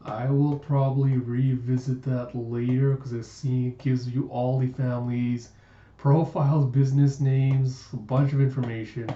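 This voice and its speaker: A man's voice: mid-range voice, level tone, unhurried, warm tone, reverberant, dull audio, slight background noise. A man narrating a comic book readthrough, reading the characters' dialogue aloud between chatty asides, sighs and groans.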